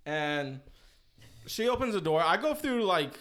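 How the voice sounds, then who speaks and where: A man's voice: high voice, very animated, unhurried, a bit bright. A young man in casual chat, telling a rambling story with slang and restarts.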